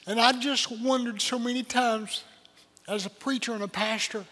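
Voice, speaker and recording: An older pastor preaches in a folksy, earnest way, telling stories from the pulpit. His voice sits high for a man. It rings out through a reverberant church sanctuary. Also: steady tone, normal speed, pushed and bright. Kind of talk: sermon. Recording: long hall reverb.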